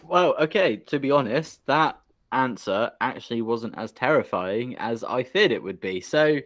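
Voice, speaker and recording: A man from the UK hosts a loose podcast interview, bantering and swearing while laughing often at his guest. His mid-pitched voice is recorded dry, with little room sound. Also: animated, unhurried, fairly bright tone, dry recording. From United Kingdom. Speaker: podcast host.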